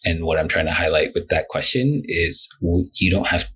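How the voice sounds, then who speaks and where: A man with a deep, slightly husky voice chats as a podcast guest about his therapy work. He talks in an animated, loose way, full of fillers and quick acted-out client quotes. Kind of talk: casual podcast conversation.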